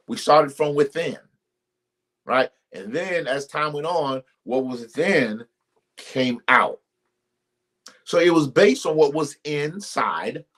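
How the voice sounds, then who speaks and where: A man hosting a ministry live stream, giving casual relationship advice to his viewers. He talks emphatically and repeats himself like a preacher, jumps suddenly in pitch, and greets commenters by name. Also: fairly bright tone.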